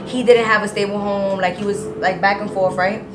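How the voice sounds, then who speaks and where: A woman's voice: mid-range voice, steady tone, brisk, music in the background. A young woman telling a personal story to her viewers in a casual, rambling way, with plenty of "like"s. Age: young adult. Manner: talks in long run-on rambles with many "like"s. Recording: echoey room with faint noise.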